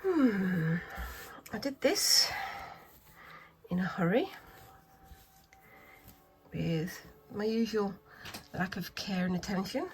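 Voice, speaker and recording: A woman chatting casually while sewing for a craft vlog, thinking aloud with many pauses and fillers, sometimes dropping into a soft half-whisper. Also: medium pitch, animated. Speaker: craft vlogger. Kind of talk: casual craft tutorial chat.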